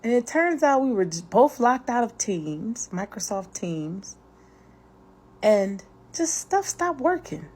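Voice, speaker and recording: Female speaker, husky, slow and very expressive, reflective personal account. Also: fairly high pitch.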